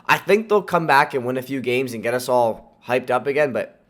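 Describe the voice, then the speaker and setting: A man's voice: mid-range voice, expressive, fairly quick, a bit bright. Young man, nasal from a sore throat, slight lisp, casual opinionated sports chat, lots of fillers. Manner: opinionated, rambling with fillers and restarts. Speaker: sports podcast host.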